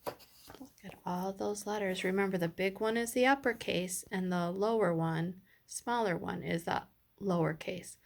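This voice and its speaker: A woman teacher reading a picture book aloud to young children, pausing to ask them questions. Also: medium pitch, creaky, a little hiss or hum. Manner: gentle, slow, addresses the children directly.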